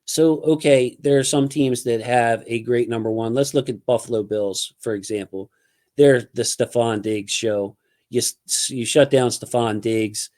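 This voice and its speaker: A man hosting a casual sports talk show on his own channel, speaking in an animated, emphatic way. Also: mid-range voice, a little slow. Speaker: podcast host.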